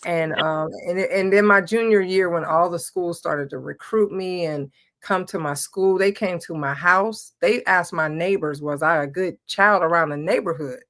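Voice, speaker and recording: Animated, laughing woman from Ohio. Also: fairly low pitch, normal speed, few pauses. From Ohio, USA. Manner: animated, laughs often, acts out quotes. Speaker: guest, former basketball player. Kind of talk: casual interview storytelling.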